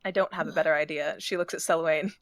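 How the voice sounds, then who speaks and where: A woman player in a tabletop game who describes her character's reactions in a wry, expressive way. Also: deep voice, fast, dry recording. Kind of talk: tabletop roleplay banter.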